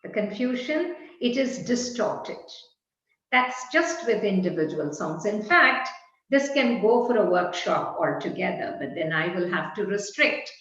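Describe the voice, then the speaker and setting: A woman's voice: mid-range voice, sing-song, unhurried, fairly bright tone. A woman leading an online workshop, explaining and repeating example phrases aloud. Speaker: workshop trainer. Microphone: video call. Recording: very echoey, dull video-call audio.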